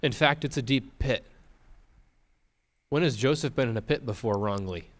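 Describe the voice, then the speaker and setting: A male preacher retells a scripture story as a sermon. He slows for dramatic pauses and puts rhetorical questions to his listeners. His voice sits in an ordinary middle pitch.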